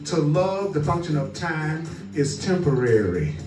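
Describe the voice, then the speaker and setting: A man's voice: a little high, very animated, unhurried, echoey room, recorded from a distance, music in the background, rough recording. A man teaching spirituality in a rhythmic, repetitive, call-and-response cadence.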